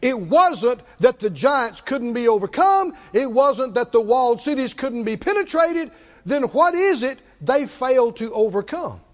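A man's voice: very high voice, big pitch swings, measured pace. A man preaching a sermon in a church, with emphatic call-and-response preaching. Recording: long hall reverb, dull lo-fi sound.

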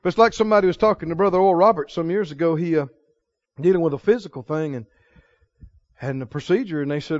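High-voiced man preaching, dull lo-fi recording. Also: quick pace, no room sound. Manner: chuckles often, swings from hushed storytelling to loud proclaiming. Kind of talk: sermon.

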